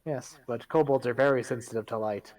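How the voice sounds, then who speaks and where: A man's voice: mid-range voice, brisk, darkish tone. Man playing a tabletop game. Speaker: player. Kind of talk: casual tabletop game play.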